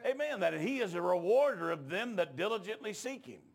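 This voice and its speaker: Preacher guy, raspy and kinda high, tells stories then hollers. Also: animated, brisk. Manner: folksy rural talk that rises into shouting. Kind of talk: revival sermon with storytelling. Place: church.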